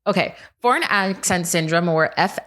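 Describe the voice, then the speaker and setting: A woman's voice: on the low side, normal speed, fairly bright tone. A woman co-hosting a casual podcast, chattily explaining news snippets and stories to her friends. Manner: chatty, storytelling, upbeat. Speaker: podcast co-host.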